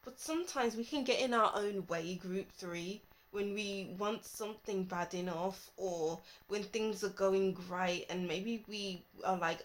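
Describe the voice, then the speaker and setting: Slow-talking woman reading tarot. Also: mid-range voice. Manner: chatty, reassuring, laughs at herself. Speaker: tarot reader. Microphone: phone.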